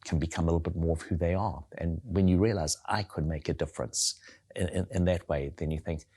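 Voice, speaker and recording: Low, husky man with a softened South African accent; a reflective guest who circles back on his words. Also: steady tone, fairly quick. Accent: South African, softened by years in New Zealand. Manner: thoughtful, repeats words while searching for phrasing. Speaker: guest, leadership coach and theologian. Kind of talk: conversational interview.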